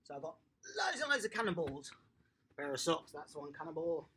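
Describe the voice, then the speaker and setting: With slight background noise behind them, a coach briskly leads a lively online tennis session for toddlers. The mid-range voice stays upbeat and encouraging, naming and praising each child in turn.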